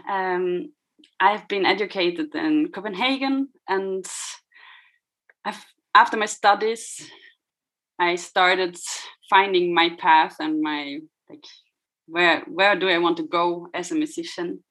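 Woman, violinist guest, kinda low voice, talks slow and unsure. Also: a bit bright, low-quality recording. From Germany. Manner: searching for words, hesitant. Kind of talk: casual interview answers.

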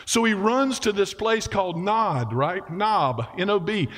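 A man's voice: high voice, a little slow, fairly bright tone. A man preaching in a casual, folksy way, acting out the voices of the story's characters. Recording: long hall reverb.

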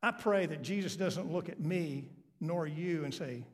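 A man's voice: a little high, measured pace, in a large hall. A man preaching a sermon as pastor, retelling a story and repeating key phrases for emphasis.

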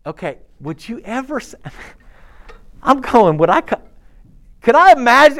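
A man preaching to teenagers in a chatty, animated way, often checking in with "okay?" and acting out quoted voices. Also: very high-pitched, a little slow. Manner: acts out quoted voices and laughs along. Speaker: youth pastor. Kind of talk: sermon.

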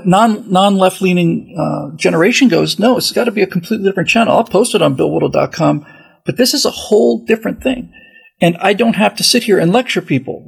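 A man's voice: high-pitched, low-quality recording. A man hosting a podcast in a casual, rambling monologue, often restarting his sentences. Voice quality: very gravelly, raspy voice. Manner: rambling, with many restarts and asides. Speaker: podcast host.

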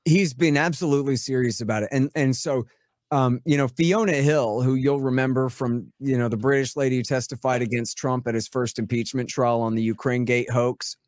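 A man's voice: medium pitch, fairly even intonation, fairly quick, darkish tone, dry recording, studio quality. A man speaking as a guest expert in a casual podcast conversation, rambling and sarcastic, swearing freely.

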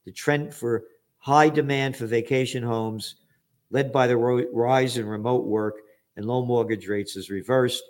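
A man's voice: medium pitch, fairly even intonation, measured pace, a little mellow. An older man giving blunt, sarcastic news commentary, reading out headlines and adding profane asides. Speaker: trends forecaster hosting a news commentary show.

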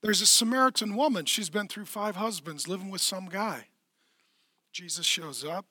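A middle-aged man preaching a lively, playful sermon in a church, swinging from hushed tones to shouting. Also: sits high, moderate pace, dry recording, clean studio sound. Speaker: pastor. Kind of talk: energetic comedic sermon.

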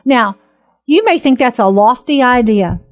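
A woman in her fifties, a minister, telling her testimony in an earnest, emphatic and animated way. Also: fairly high pitch, measured pace. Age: 50s. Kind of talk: personal testimony talk.

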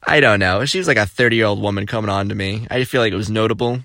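A young man from Florida hosting a podcast, telling casual stories in an animated, jokey, exclamatory way. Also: fairly low pitch, fast talker, no echo, studio quality. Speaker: podcast host. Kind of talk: casual storytelling.

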